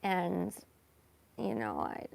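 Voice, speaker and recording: Slow, gravelly-voiced woman telling a story. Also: lowish voice, wildly swooping pitch, a little mellow. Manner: slow, hesitant, full of fillers and self-reproach. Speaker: vlogger. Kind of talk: casual personal storytelling.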